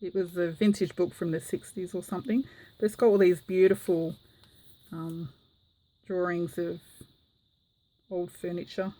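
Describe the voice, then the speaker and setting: Giggling and chatty, with frequent fillers, a woman holds up a handmade journal for the camera in a casual show-and-tell. Her voice is on the low side with a steady, dark tone and a measured pace broken by long pauses, and the audio is poor.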